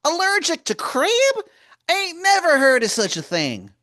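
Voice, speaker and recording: A man's voice: very high-pitched, wildly swooping pitch, unhurried, sharp tone, pitched above the performer's own voice, full character voice. A man voicing a pushy male wizard in a robe, wheedling and calling everyone hun. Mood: incredulous.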